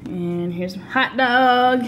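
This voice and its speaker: A woman's voice: a little high, slow pace, dull audio. A woman chatting casually in a vlog, bubbly and giggly, with sing-song asides while driving. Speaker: vlogger. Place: in a car, driving.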